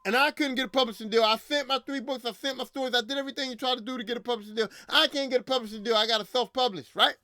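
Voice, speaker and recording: A man's voice: extremely high pitch, fairly even intonation, racing, few pauses, sharp tone, no echo. A man hosting a podcast, ranting in casual, profane, slangy talk, repeating himself, a little drunk. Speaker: podcast host.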